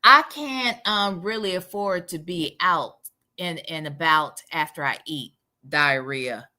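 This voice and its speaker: A halting, awkward woman stumbles through her words in a low, dragging voice, as a woman mimics her. The delivery is slow and hesitant. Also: bright, forceful tone, exaggerated voice. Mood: mocking.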